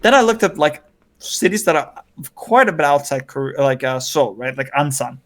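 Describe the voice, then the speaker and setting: A man's voice: on the high side, lively intonation, normal speed, a bit bright. A man hosting a podcast in a casual chat, rambling and filling his talk with "like" and "right?". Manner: rambling, heavy use of "like" and "right?". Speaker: podcast host. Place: lives in Korea.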